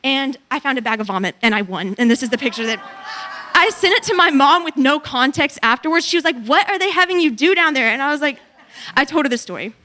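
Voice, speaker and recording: Speaking fast in a high-pitched voice, a twenty-something woman gives a church testimony about her mission trip. She tells the story with animation, performing the lines people said.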